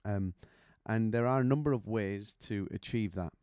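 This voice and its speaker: A man's voice: fairly low pitch, moderate pace, darkish tone, clean tone, dry recording. A man teaching singing technique, chatty and explaining with demonstrations and little stories. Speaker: vocal coach. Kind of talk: singing lesson to camera.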